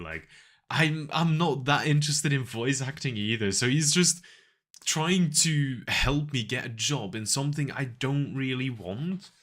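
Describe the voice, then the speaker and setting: A man's voice: mid-range voice, animated, measured pace, fairly bright tone. A man streaming and chatting casually with viewers, rambling through stories and laughing often.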